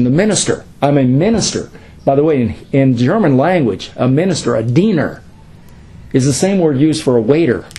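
A man's voice: fairly high pitch, darkish tone, low-quality recording. A middle-aged man, a pastor, teaching a class in a conversational way, asking questions and answering them himself.

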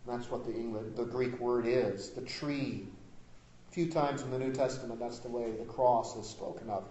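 A man preaching a sermon as pastor. He is emphatic, rising to loud declarations and dropping to quiet asides. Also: medium pitch, fairly even intonation, moderate pace, echoey room, a little hiss or hum, low-quality recording.

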